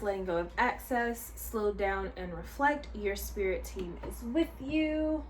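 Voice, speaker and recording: Chatty woman tarot reader, mid-pitched, thinks aloud over heavy background noise. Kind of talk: casual spiritual tarot reading.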